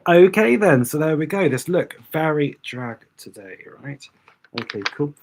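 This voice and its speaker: A man's voice: fairly high pitch, lively intonation, a little slow. A young man doing drag makeup on a livestream, chatting casually and thinking aloud to his viewers.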